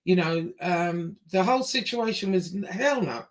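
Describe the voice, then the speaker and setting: English woman spinning a yarn, blunt and sweary, voice shoots up high when she quotes people. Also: normal speed. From England. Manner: lively, acts out quotes with big pitch jumps. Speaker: storyteller. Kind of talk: casual storytelling.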